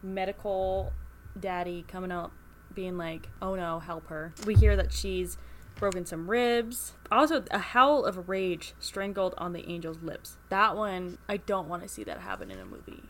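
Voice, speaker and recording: A woman's voice: lowish voice, measured pace, a little hiss or hum. A woman co-hosting a casual book podcast, chatting animatedly and acting out quoted lines. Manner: animated, acts out quoted lines in funny voices. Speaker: podcast co-host. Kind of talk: casual book-discussion chat.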